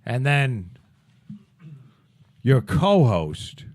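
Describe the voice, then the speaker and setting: A man rants through crude political banter, swearing often. His pitch swings widely as he goes. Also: very slow. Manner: profane, ranting, animated. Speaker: podcast co-host.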